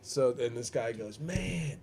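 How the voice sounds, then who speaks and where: A man from the American Midwest telling a comic story and playing every part in it himself, sometimes breaking into falsetto singing. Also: expressive, moderate pace, a crowd in the background. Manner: tells stories acting out both sides, bursts into falsetto singing. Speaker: podcast co-host. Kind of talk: comedic storytelling and banter.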